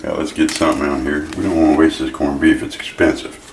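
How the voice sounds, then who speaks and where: A man with an extremely low voice and fairly even intonation talks at a quick pace while hosting a casual home cooking demo in his kitchen. He jokes and rambles in a folksy way as he makes a dish. The kitchen sounds echoey, with background noise and clear clatter of dishes.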